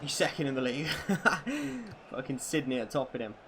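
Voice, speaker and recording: A man streaming a football video game, calling the play like a commentator and chatting with viewers, excitable and prone to swearing and bursts of shouting. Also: mid-range voice, very fast, noisy background.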